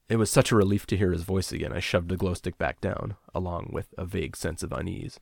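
Deep, gravelly male horror narrator. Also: fairly even intonation, no room sound, clean studio sound. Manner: measured, dropping to a hush on tense beats. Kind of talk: first-person horror narration.

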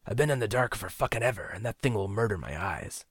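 A man voicing a prematurely aged man with a cracked, weak voice, speaking softly and holding back. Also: lowish voice, animated, fast, husky, no echo, studio quality, voice pushed up. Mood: guarded. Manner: soft and withholding, drops into whispers. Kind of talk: audiobook character voice.

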